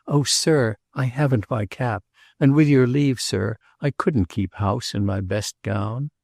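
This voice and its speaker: A man voicing a timid, humble elderly female housekeeper who murmurs softly and trembles. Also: mid-range voice, lively intonation, a little slow, creaky, no echo, studio quality.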